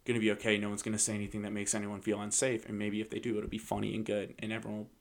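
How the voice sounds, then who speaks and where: A young man hosting a comedy podcast, telling stories in an animated, casual way with swearing and laughs. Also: lowish voice, very fast, gravelly.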